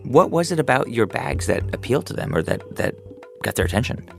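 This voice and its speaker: A man's voice: mid-range voice, big pitch swings, a little fast, creaky, faint music behind. A man hosting an interview, asking curious, probing questions and rephrasing as he goes. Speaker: podcast host.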